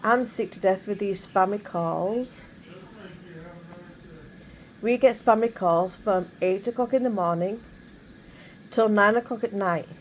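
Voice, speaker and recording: A woman's voice: mid-range voice, slow, pauses often, a little hiss or hum, rough recording. Chatty woman rambling at home. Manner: chatty, rambling, frequent asides. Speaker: vlogger. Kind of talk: casual rambling chat. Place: bedroom at home.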